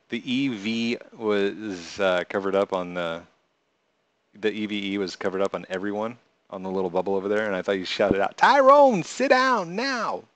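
A male live streamer and game creator speaks at a moderate pace in a low, steady voice, captured in a dry recording. He casually reads viewer chat aloud and replies playfully, laughing often.

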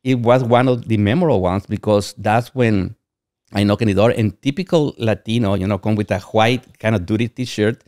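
A man's voice: lowish voice, normal speed, a little mellow, dry recording, clean studio sound. Man telling stories. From Guatemala. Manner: rambling, repeats "you know what I mean". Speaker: podcast guest. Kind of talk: candid personal storytelling.

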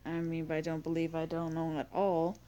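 A woman's voice: deep voice, monotone, moderate pace, mellow, a little hiss or hum. A teenage girl giving rambling, self-mocking commentary over her gameplay, with sudden screams and sing-song humming. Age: teens. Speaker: gaming YouTuber.

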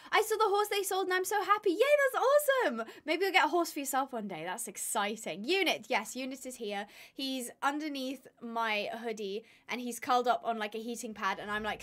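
A woman's voice: high-pitched, a bit bright. A young woman live-streaming, chatting casually with her viewers, tired and with her voice giving out. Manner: chatty, rambling, laughs often. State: tired, voice going.

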